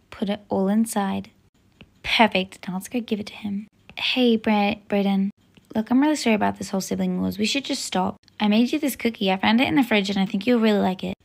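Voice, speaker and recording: A woman voices a bratty teenage older sister in a toy-game role-play, sounding sulky, sarcastic, eye-rolling and scheming. Her voice is medium-pitched, brisk and creaky.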